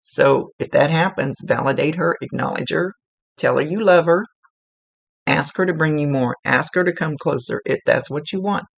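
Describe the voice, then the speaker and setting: A woman psychic medium giving a casual, gently instructive reading, relaying messages with chatty asides. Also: low voice, moderate pace, vocal fry, husky. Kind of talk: casual spoken reading to a client.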